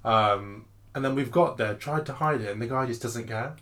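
A man's voice: medium pitch, normal speed, a bit bright. Laid-back young man. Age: young adult. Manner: laid-back, jokey banter. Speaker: podcast co-host. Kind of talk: casual chat.

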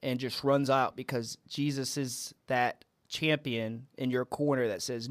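A man's voice: mid-range voice, fairly even intonation, measured pace, no room sound. A man co-hosting a faith podcast, affirming his partner and chuckling often as he shares stories. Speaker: podcast co-host. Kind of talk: casual faith podcast chat.

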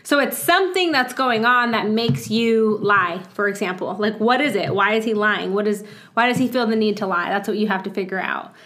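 Her medium-pitched, slightly bright voice moves a little fast as this thirtysomething podcast co-host chats away. She peppers her talk with "like" and performs the voices of people she quotes.

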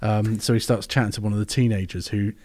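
A man's voice: on the low side, fairly even intonation, quick pace, a little mellow. A man in his thirties, co-hosting a casual film chat, easygoing and recounting scenes with casual swearing. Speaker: podcast co-host.

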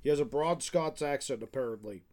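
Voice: medium pitch, a little fast, darkish tone. A podcast co-host in casual film chat, joking and arguing in a goofy way.

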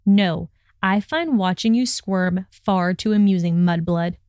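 An arrogant young wizard who sneers and mocks with a quick drawl, as a woman reading the story puts him on. The voice stays smooth and clear in a dry, close recording. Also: mid-range voice, darkish tone, no room sound, lightly acted. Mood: sneering.

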